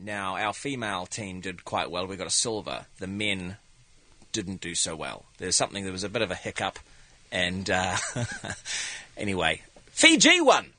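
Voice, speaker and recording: A man's voice: deep voice, sing-song, moderate pace, pushed and bright. A man with a New Zealand accent, a comedian guest chatting playfully on a radio show. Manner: playful, jokey, slips into silly voices and singing. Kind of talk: casual radio chat.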